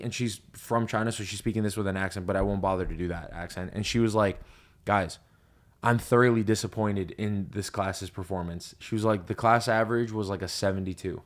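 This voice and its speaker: A young man hosting a podcast, telling stories in casual chat with lots of swearing and loud laughs at his own punchlines. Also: fairly low pitch. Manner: profane, animated storyteller, laughs loudly at punchlines. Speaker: podcast host.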